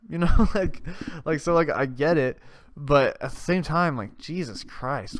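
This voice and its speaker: A man's voice: fairly high pitch, animated, normal speed, clear, resonant tone, no room sound, clean studio sound. A man hosting a podcast, retelling a story in a casual, rambling way, swearing and laughing often. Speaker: podcast host.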